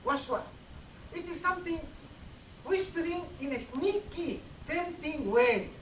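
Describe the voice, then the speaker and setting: A man's voice: very high-pitched, animated, unhurried. Man preaching in a roomy mosque. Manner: teacherly, checks listeners with "huh?" and "okay?". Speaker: preacher giving a Friday sermon. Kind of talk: explanatory sermon. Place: mosque hall. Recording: roomy, distant 1980s cassette tape with faint hiss.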